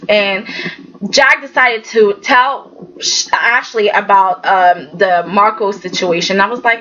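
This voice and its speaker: A woman's voice: on the high side, expressive, slow, pushed and bright. A woman recapping a soap opera in a sassy, chatty vlog, talking straight to the characters. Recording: slightly dull lo-fi recording.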